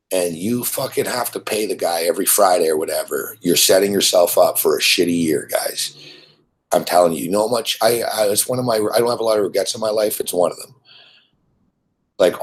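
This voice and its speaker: A man's voice: deep voice, husky. A man hosting a sports betting show, ranting in a blunt, profane, rambling way about gambling on credit.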